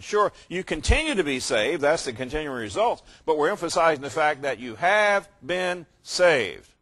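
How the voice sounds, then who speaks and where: A man's voice: a little high, expressive, moderate pace, hardly any pauses, a bit bright. An older man preaching a teaching sermon, patiently explaining verb tenses and checking that listeners follow. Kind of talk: sermon teaching on Greek grammar.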